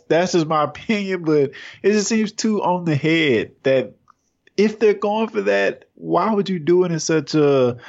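A man's voice: fairly high pitch, vocal fry, darkish tone. A man co-hosting a podcast in casual chat, hesitant and repeating words as he talks. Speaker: podcast co-host. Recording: dull lo-fi recording.

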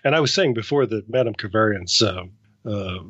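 A man's voice: lowish voice, a little fast, a bit bright, slightly rough, no echo, dull audio. A man co-hosting a casual discussion, enthusiastic and stammering at the start of his sentences. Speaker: podcast co-host.

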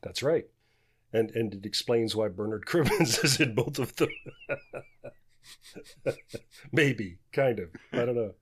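A thoughtful man co-hosts a relaxed podcast conversation. He speaks softly and laughs easily as he talks ideas through. His voice is an ordinary mid pitch. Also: a little slow, long pauses, breathy edge. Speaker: podcast co-host. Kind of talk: casual podcast discussion.

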